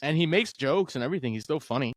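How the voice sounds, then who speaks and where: Fast-talking animated podcast host, a man. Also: a little high, no room sound, clean studio sound. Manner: animated storyteller, acts out quotes. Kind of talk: casual podcast conversation.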